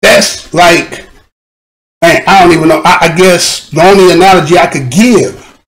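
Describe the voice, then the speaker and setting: A man with a fairly high voice talks into his live stream in a loose, unscripted rant. He swears constantly and rambles with street slang. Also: normal speed, a bit bright, poor audio.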